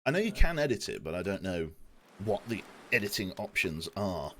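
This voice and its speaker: Lively-voiced young man streaming games. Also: deep voice, moderate pace. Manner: jokey, self-deprecating, swears casually. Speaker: game streamer. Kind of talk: casual live-stream chat. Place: home room. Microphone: desk microphone.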